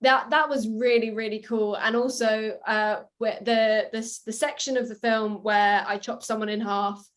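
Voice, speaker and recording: A young woman, an actress, telling quick, giggly stories in an interview. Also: a little high, flat delivery. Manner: giggly, fast storytelling. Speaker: actress guest. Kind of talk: animated interview anecdote.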